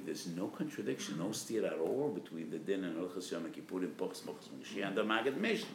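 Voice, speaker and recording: A low-pitched man lectures as a rabbi, his voice swinging widely as he presses each point with loud stresses. He slips into quoted voices for patients and doctors. The sound is roomy and echoey, with a faint hiss underneath. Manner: emphatic, rising to loud stresses on key terms. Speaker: rabbi giving a legal lecture. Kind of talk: spirited lecture on religious law.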